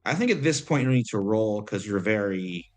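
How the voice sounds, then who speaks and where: A man narrating as game master in a relaxed, hesitant way. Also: lowish voice, normal speed, faint music behind.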